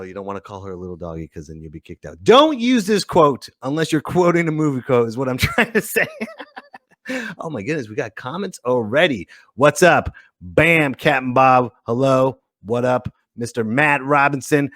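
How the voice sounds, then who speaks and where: A man's voice: mid-range voice, expressive, normal speed, dry recording, studio quality. A man hosting a casual livestream podcast, talking in a playful, jokey way. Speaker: host.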